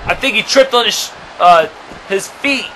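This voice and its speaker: A man doing excitable play-by-play commentary for an amateur wrestling match, dropping to low murmurs and then shouting at big moments. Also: normal speed, a little hiss or hum, low-quality recording.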